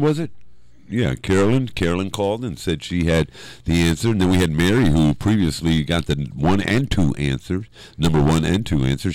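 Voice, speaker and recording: A man hosting a radio show, chatting and telling stories in a teasing, animated way and slipping into funny voices. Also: low-pitched, no room sound, poor audio. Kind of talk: casual studio chat and storytelling. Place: radio studio.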